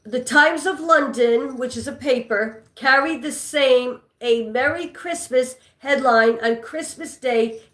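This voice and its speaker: A woman's voice: sits high, slow pace, few pauses, a bit bright. A woman with a New York accent hosting a live trivia stream, chatting with viewers and reading their comments aloud. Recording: echoey room.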